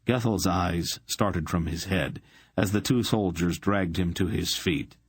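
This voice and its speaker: A man narrating an audiobook with a measured, expressive reading. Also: deep voice, husky, no echo, clean studio sound. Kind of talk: scripted narration.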